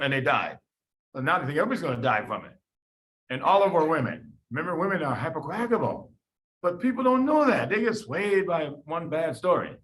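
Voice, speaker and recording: This man, slightly high-voiced and a bit bright, delivers a laid-back medical lecture in the conversational style of Chicago's south side. He tells stories and performs the voices of the people he quotes.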